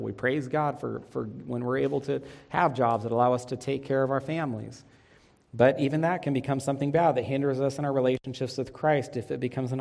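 A man's voice: mid-range voice, gravelly, darkish tone. Man preaching in a reverberant hall. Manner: conversational, with rhetorical questions and varied pacing. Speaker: pastor. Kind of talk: sermon.

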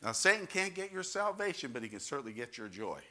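An older pastor from New York, speaking with a New York accent, preaches a heartfelt testimony sermon. His tone is bright and punchy, and he swells into loud, fervent exclamations and repeated calls for amen from the congregation. His delivery is passionate and conversational at once. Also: a little high, big pitch swings, fast talker.

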